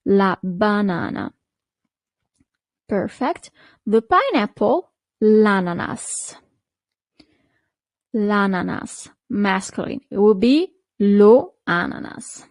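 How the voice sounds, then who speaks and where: Woman teaching slowly. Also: medium pitch, expressive, dry recording. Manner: slow, clearly repeated pronunciation with short praise. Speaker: language teacher. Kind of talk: beginner language lesson.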